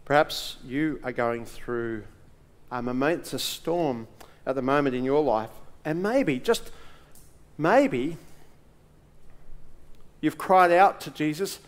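A male pastor preaching a sermon in a church, emphatic, with dramatic pauses and swings between loud and soft. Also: sits high, animated.

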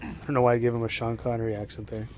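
A young man streaming live, rambling chattily about his game with excitable reactions. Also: mid-range voice, racing, heavy background noise. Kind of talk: live gameplay commentary.

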